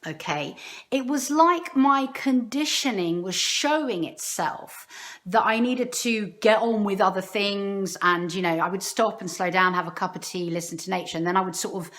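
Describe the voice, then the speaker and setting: A middle-aged woman, a meditation teacher, talking casually and expressively about a spiritual experience, shifting between quick bursts and slow, airy emphasis. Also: medium pitch, lively intonation, fairly bright tone. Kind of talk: casual spiritual talk to camera.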